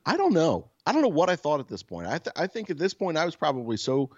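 Soft-spoken man telling a lively story. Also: fairly high pitch, quick pace, no echo, highs cut off. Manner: animated, swears freely, laughs often; self-described soft-spoken. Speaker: podcast co-host. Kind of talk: casual storytelling.

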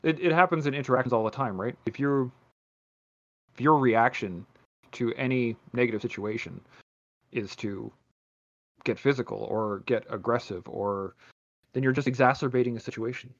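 A man hosting a podcast in casual chat, swearing freely and rambling through animated stories. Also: medium pitch, normal speed, long pauses, highs cut off. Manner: profane, rambling, animated storytelling.

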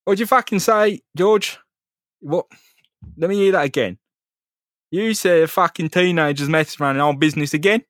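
A man putting on a hot-tempered crime boss who swears roughly, as a comic bit in a podcast chat. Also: on the high side, normal speed, pauses often, fairly bright tone, dry recording, clean studio sound, voice pushed up, lightly acted. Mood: aggressive.

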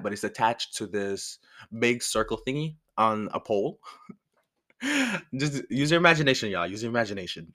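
A young man tells a personal story in a loose, casual way. He is animated, breaks into laughter often and swears freely. His voice sits at an ordinary middle pitch. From outside the United States.

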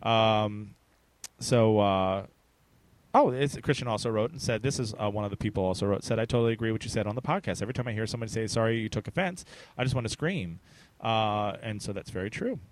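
A man's voice: fairly low pitch, a little fast. A man hosting a casual podcast chat, frank and bawdy, laughing often and stumbling over his words. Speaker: podcast host.

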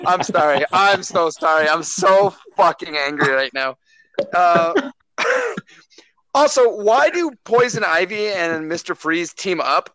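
A man co-hosting a podcast, ranting about a movie with swearing and loud indignant bursts, right up on the mic. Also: high-pitched, expressive, takes it slowly, no room sound, low-quality recording. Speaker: podcast co-host. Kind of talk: casual podcast rant. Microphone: close mic, speaking too loud into it.

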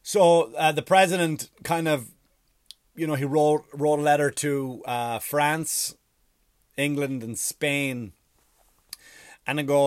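A man from Ireland, telling a rambling, profane mock history with deadpan jokes and silly put-on voices. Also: fairly high pitch, slow, pauses often, dry recording, clean studio sound. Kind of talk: comedic storytelling monologue.

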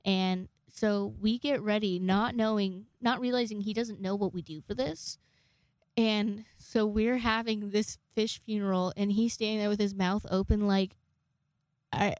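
A woman's voice: mid-range voice, fairly even intonation, normal speed, darkish tone, no echo, studio quality. A young woman in her twenties telling rambling, jokey, profane stories to camera in a casual vlog. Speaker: vlogger.

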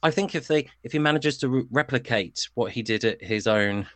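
A man sits on a casual song review panel, talking in a rambling, digressive way. He fills his sentences with ums and uhs and wanders off topic before pulling himself back. His voice sits at an ordinary middle pitch and sounds dry, with no room around it. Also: a little fast, fairly bright tone, no echo. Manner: rambling, digressive, many fillers.

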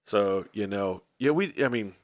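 Lively storytelling male podcast host. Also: fairly low pitch, a little slow, no room sound. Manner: animated storyteller acting out quoted dialogue. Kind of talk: casual storytelling chat.

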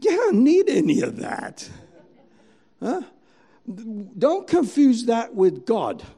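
A man's voice: extremely high pitch, huge pitch swings, slow, creaky, dark tone, husky. A man preaching a sermon, telling a story and acting out its scenes dramatically.

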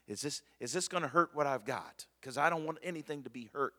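A man preaching a sermon as pastor, swinging from hushed to loud and repeating phrases for emphasis. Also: fairly high pitch, expressive, fairly quick. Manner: repeats words and restarts phrases. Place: church sanctuary. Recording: long reverb of a church hall.

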